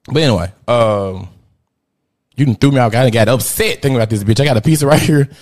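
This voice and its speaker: A man in his thirties with a drawl hosts a casual talk show. He rants and tells stories in a profane, animated way, swinging from loud outbursts to muttered asides. His voice sits at an ordinary middle pitch. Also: fast. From Memphis, USA. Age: 30s. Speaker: podcast host. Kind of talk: casual storytelling rant.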